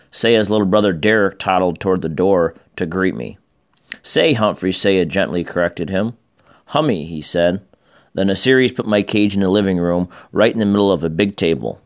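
A man reading a children's book aloud in a calm, gentle storytelling manner. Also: deep voice, dry recording, studio quality.

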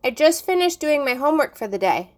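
A woman's voice: sits high, very animated, brisk, pitched above the performer's own voice. A woman voicing a flustered young schoolboy who protests when caught out in class.

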